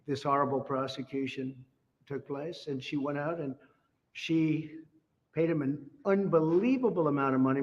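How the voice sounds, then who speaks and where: A man making emphatic public remarks, full of repetition and big claims. His voice sits somewhat high. The recording is muffled and lo-fi, with a long hall reverb behind it. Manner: emphatic, repetitive, boastful, superlatives. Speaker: politician.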